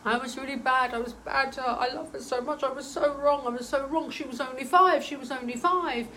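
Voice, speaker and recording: A woman's voice: high-pitched, steady tone, a little fast, a bit bright, slight background noise, pitched above the performer's own voice. Woman channeling a remorseful dead father's spirit. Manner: pleading, stammering, repeats himself.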